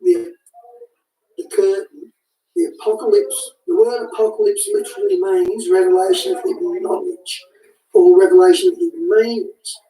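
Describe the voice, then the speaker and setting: An animated woman talks casually, her pitch leaping up and down as she restarts and repeats her words. Her voice is mellow and sits a little high. She sounds far from the mic in an echoey room. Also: moderate pace. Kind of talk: casual spoken commentary.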